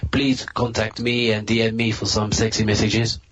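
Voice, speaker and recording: A man's voice: lowish voice, level tone, normal speed, noisy background. A man speaking English with a French-tinged accent, a playful, joking podcast panelist who drops French words. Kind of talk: casual podcast chat.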